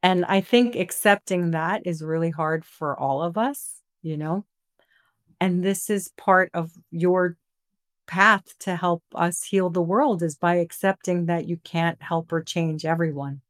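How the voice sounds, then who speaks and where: A woman leading an online spiritual group session, gentle and affectionate, with many fillers. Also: on the low side, a little slow, hardly any pauses, no room sound, clean studio sound.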